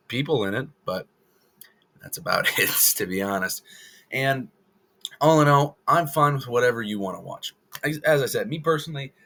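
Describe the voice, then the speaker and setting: A man's voice: mid-range voice, a bit bright. A man giving casual opinion commentary to the camera, rambling and correcting himself as he goes. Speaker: wrestling video creator.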